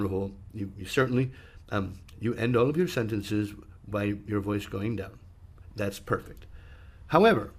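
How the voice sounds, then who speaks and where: A male English teacher talks a student through speaking test feedback in a loose, conversational way. He fills his pauses with ums and uhs, then leans hard on key words to demonstrate stress. His voice sits in an average male range. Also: medium pitch. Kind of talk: online speaking feedback lesson.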